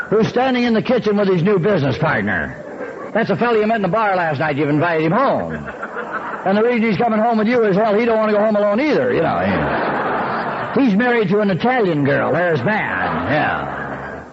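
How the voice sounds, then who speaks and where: A man in his sixties telling his recovery story with wry, folksy humor, often clearing his throat. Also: sits high, lo-fi sound, noisy background.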